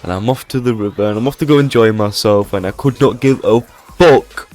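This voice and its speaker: A man voicing a jittery, overexcited stranger who is loud and slangy and calls everyone bro. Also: lowish voice, brisk, lightly acted. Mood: rowdy.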